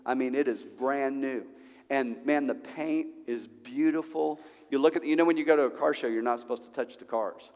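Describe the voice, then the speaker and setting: Animated male pastor in a ringing hall. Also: medium pitch, moderate pace. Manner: conversational, animated preaching with rhetorical questions. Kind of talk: sermon. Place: church service. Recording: long hall reverb.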